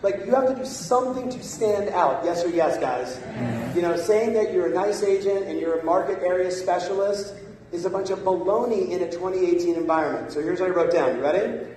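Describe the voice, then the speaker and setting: A man works a seminar crowd with a quick, energetic, coaxing delivery, and his voice sits a touch high. He is caught from deep in a large hall, so his speech rings with long echo. A faint hum of the room runs under it. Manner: energetic, rapid, coaxing the audience. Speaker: sales coach speaker. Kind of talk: motivational seminar talk. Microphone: far from a phone camera in the audience. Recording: echoey hall recorded from far off.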